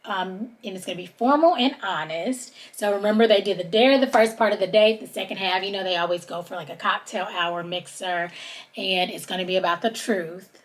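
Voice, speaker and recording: Chatty woman podcast host. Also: a little fast. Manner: chatty, drawls "honey" and "child", mimics people in high voices. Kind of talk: casual recap chat.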